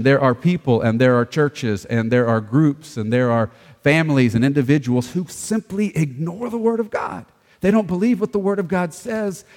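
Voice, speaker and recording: A pastor delivering a sermon, preaching emphatically with rhetorical questions and slowing down to read scripture aloud. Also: male voice, on the high side, darkish tone, big-room sound.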